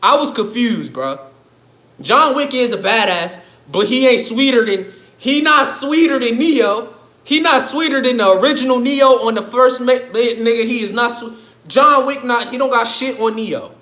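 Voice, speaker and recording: A man's voice: extremely high pitch, normal speed, bright, forceful tone. A man ranting on his livestream in a loose, profane, rambling way, laughing often. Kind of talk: casual livestream rant. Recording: echoey room.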